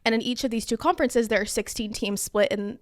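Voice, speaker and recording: A woman's voice: fairly high pitch, quick pace, no echo. A young woman hosting a podcast, casually explaining a topic in a chatty, self-deprecating way with plenty of fillers. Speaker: podcast host.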